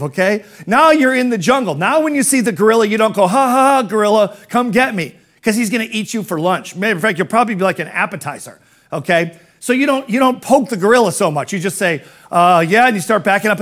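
A man's voice: sits high, expressive, quick pace, a bit bright. A middle-aged man giving a motivational business talk as a coach, firing rhetorical questions in an emphatic, conversational way.

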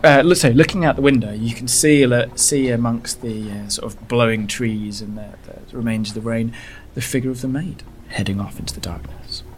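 A man running a tabletop horror game as game master, narrating slowly and hesitantly with many fillers. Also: mid-range voice, slight background noise.

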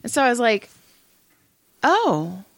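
A woman's voice: mid-range voice, moderate pace, dry recording. A woman, a massage therapist, telling a story in casual chat, swearing freely and acting out what people said. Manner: profane, animated storyteller who acts out quotes. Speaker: massage therapist and podcast co-host.

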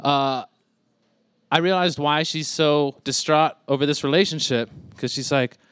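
A man's voice: on the high side, a little slow, a bit bright, clean tone, dry recording. A man in his thirties doing a rambling stand-up set, laughing at his own jokes. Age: 30s. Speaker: stand-up comic.

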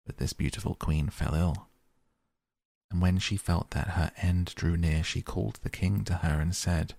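A man narrating fairy tales in a steady, measured audiobook reading. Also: low-pitched, vocal fry, dry recording.

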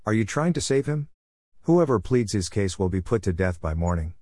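A man giving a measured, scripted Bible reading. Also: fairly low pitch, big pitch swings, dark tone, no echo, studio quality. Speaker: reader.

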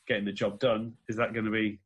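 A man in relaxed podcast chat carefully recounts rugby moves step by step. He is conversational and analytical. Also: on the low side, fast, breathy edge, lo-fi sound. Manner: detailed play-by-play analysis. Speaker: podcast co-host. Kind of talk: casual sports chat.

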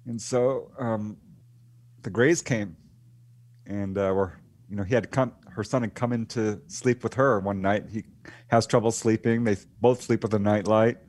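A man on the low side, speaking a little slowly, appears as a guest author and UFO researcher. In a relaxed, animated retelling, he tells a case story and acts out the quoted voices of the people in it.

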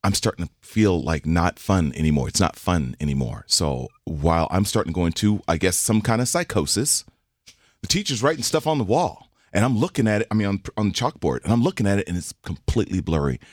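A man's voice: a little fast, no room sound, studio quality. A man in his forties, a podcast co-host telling a funny story in casual chat and acting out the voices in it. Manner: animated, acts out quoted voices with big pitch jumps.

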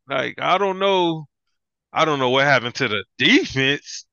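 A man co-hosting a sports podcast in casual chat, animated and ranting, often breaking into laughs. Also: a little high, a little slow, vocal fry, clear, resonant tone, no room sound. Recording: dull lo-fi dry sound.

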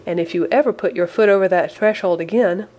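A woman reading the lines of a smiling, menacing middle-aged country gentleman, whose manner is coaxing and falsely soothing. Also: mid-range voice, fairly quick, lightly acted.

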